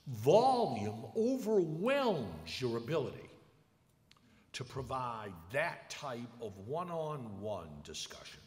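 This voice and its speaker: A man's voice: medium pitch, sing-song, slow, a little mellow. An older man giving a public lecture, telling stories emphatically in a large hall. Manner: emphatic storytelling with acted quotes. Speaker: lecturer, attorney. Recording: echoey hall with long reverb.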